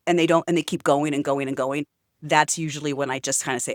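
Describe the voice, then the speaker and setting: A woman's voice: low-pitched, steady tone, quick pace, no room sound, clean studio sound. Blunt, outspoken woman ranting casually. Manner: blunt, outspoken, swears freely; chatty with many fillers. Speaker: vlogger. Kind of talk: casual storytelling rant to camera.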